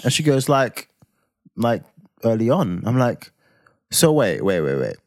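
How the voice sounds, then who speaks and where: A man in his twenties with a London accent, telling a story on a podcast in casual chat, animated and swearing freely. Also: mid-range voice, measured pace, dry recording, clean studio sound. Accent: London English. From England. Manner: animated, swears freely, acts out heated quotes. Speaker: podcast co-host.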